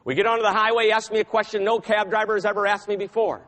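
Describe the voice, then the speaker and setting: A man giving a keynote speech, telling a story in a dramatic, animated way. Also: sits high, rapid-fire, big-room sound. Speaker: keynote speaker.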